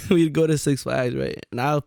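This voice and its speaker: A young man co-hosting a podcast, telling stories in a casual, profane, animated way and acting out the quotes. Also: fairly high pitch, measured pace, creaky, no room sound, clean studio sound. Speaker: podcast co-host. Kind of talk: casual storytelling chat.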